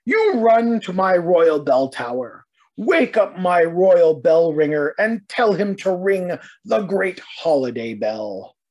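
A proud, bossy storybook king, put on by a woman reader. He gives orders dismissively in a somewhat low voice, unhurried and emphatic. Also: big pitch swings, darkish tone, heavily acted. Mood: commanding. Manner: commanding, dismissive.

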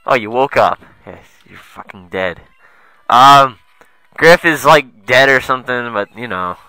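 A young man doing let's play commentary, excitable and foul-mouthed, muttering asides and then yelping at the game. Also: mid-range voice, a little slow, clear, resonant tone, no room sound, rough recording. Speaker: gamer.

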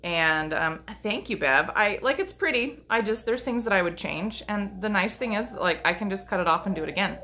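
Chatty woman, bright voice. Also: medium pitch, lively intonation, fairly quick, hardly any pauses. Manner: chatty, rambling with many ums and restarts. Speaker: lace-making vlogger and teacher. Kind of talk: casual chat showing crafts to camera.

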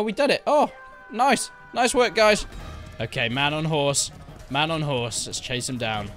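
A young man giving jokey, excitable commentary while playing a video game. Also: mid-range voice. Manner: excitable, jokey, yelps and laughs at the action. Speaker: gaming YouTuber. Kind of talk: live gameplay commentary.

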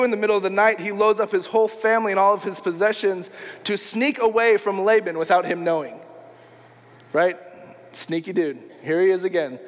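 A man preaching a sermon as pastor, retelling a story casually and acting out the quoted lines. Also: high voice. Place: church sanctuary. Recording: long church reverb.

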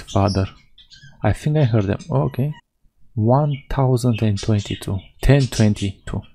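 Playful mellow-voiced man gaming. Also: on the low side, creaky, husky, poor audio. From Europe. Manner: playful, reads in-game dialogue with mock voices. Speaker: gaming video host. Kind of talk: Let's Play commentary, reading game text aloud.

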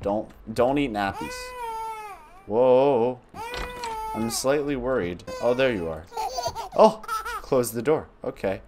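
A young man casually commentating a spooky babysitting game, joking, talking to the baby, and breaking into sudden yells. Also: mid-range voice, slow pace, pauses often, a little hiss or hum. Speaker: gaming channel host.

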